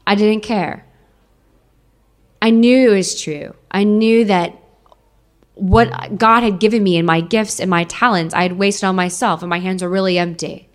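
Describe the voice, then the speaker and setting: A woman's voice: mid-range voice, fairly even intonation, measured pace. Woman giving an emotional personal testimony. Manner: emotional, repeats phrases for emphasis. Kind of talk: personal testimony talk to an audience.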